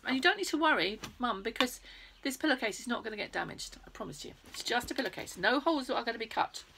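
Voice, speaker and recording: A British woman presenting a crafting lesson for young children, animated and playful, speaking straight to the kids. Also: a little high, creaky, noisy background. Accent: British English.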